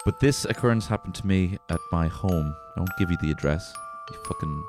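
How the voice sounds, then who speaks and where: A male podcast co-host telling a comic story deadpan, with sudden loud outbursts. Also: low-pitched, a little fast, over music.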